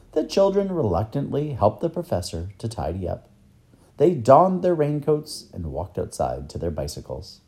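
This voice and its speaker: A man narrating a children's story aloud, in an expressive read-aloud manner. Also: fairly low pitch, moderate pace.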